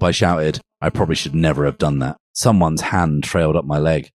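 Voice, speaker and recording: A man's voice: very deep voice, fairly even intonation, brisk, a little mellow. A man co-hosting a podcast, giving a mock-serious comic reading of fan fiction. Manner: mock-serious storytelling, breaks into laughter. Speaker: podcast co-host.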